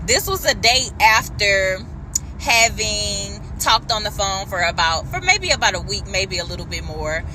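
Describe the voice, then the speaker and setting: A woman hosting an open chat, talking slowly and deliberately as she speaks straight to her listeners. Traffic and street noise come through clearly behind her voice. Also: mid-range voice, lively intonation. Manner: slow, addresses listeners directly. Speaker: host. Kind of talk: casual talk to viewers.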